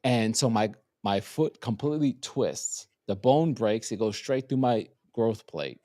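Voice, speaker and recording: Animated, swearing male storyteller. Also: medium pitch, unhurried, no echo, clean studio sound. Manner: profane, animated storyteller acting out quotes. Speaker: podcast co-host. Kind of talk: casual chat, storytelling.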